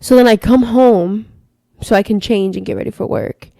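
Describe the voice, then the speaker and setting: A woman's voice: medium pitch, moderate pace, vocal fry, dry recording, clean studio sound. A woman co-hosting a podcast, telling stories casually with lots of swearing. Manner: profane, animated storytelling. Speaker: podcast co-host. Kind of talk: casual chat.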